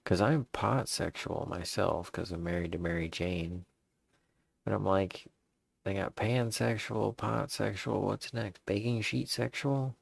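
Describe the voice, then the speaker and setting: A man casually working out jokes in a deadpan way, stopping to rework punchlines. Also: fairly low pitch, measured pace, dry recording. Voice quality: gravelly, husky. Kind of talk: casual joke drafting.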